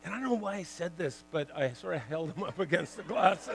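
A man in his sixties, a former pro hockey player, telling lively stories to an audience, full of "you know" and "like" and laughing at his own tales. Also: a little high, normal speed, gravelly, a little hiss or hum, poor audio. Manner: chatty, lots of "you know" and "like". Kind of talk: storytelling talk to an audience.

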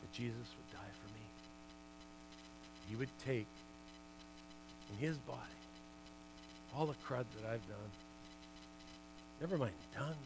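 A middle-aged man giving a sermon testimony in a church, an animated storyteller who swings from loud bursts to hushed asides. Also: medium pitch, a little slow, long pauses, background noise. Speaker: guest preacher, former hockey player.

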